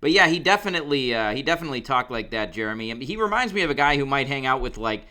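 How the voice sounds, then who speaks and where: A man co-hosting a podcast, chatting in an easygoing, halting way. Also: medium pitch, sing-song, pushed and bright. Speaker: podcast co-host. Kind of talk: casual chat.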